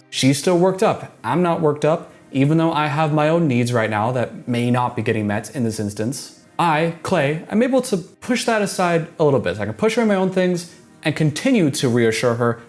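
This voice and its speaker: A man giving casual, earnest commentary on a reality show clip, analytical and quick to restart his sentences. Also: a little high, sing-song, soft background music. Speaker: reaction commentator.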